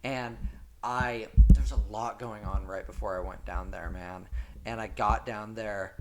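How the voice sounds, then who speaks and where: A man's voice: on the low side, steady tone, measured pace, a little hiss or hum. A man talking about filmmaking as a guest in casual chat, rambling and filling gaps with "like". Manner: rambling, heavy use of 'like'. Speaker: film director guest.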